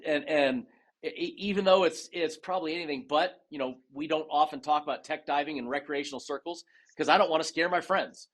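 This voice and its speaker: A man telling stories as a podcast guest in a casual, animated way, acting out dialogue and often restarting his sentences. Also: on the high side, a little fast. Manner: animated storyteller who acts out dialogue, with frequent restarts. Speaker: guest, retired race car driver and dive master. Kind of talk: casual storytelling interview.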